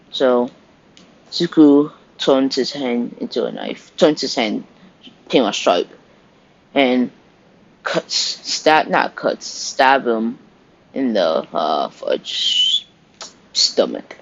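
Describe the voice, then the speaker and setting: A man's voice: medium pitch, lively intonation, slow pace, gravelly. A man narrating an improvised fan story in a loose, rambling way. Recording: dull lo-fi recording.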